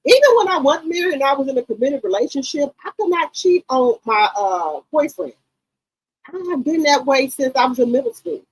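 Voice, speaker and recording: Animated, outspoken husky-voiced woman. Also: a little high, no room sound, rough recording. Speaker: gossip channel host. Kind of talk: casual commentary to viewers.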